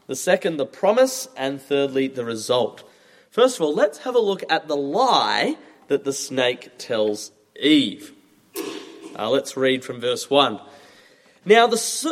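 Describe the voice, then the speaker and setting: A man in his thirties preaches a sermon in a chatty, expressive way. His voice sits high and swings widely in pitch. The sound carries a long reverb from a large hall. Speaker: pastor.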